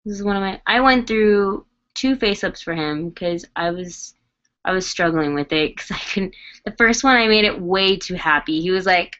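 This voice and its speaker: A woman's voice: medium pitch, moderate pace, fairly bright tone, clean tone. Chatty woman rambling with lo-fi sound. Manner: rambling, chatty, many fillers. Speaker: doll collector vlogger. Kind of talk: casual chat while working.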